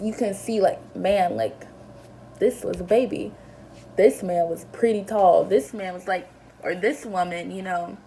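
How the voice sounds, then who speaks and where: A woman's voice: medium pitch, mellow, a little hiss or hum. A young woman vlogger telling a personal story in an earnest, emotional way, with lots of fillers and restarts. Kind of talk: casual storytelling to camera.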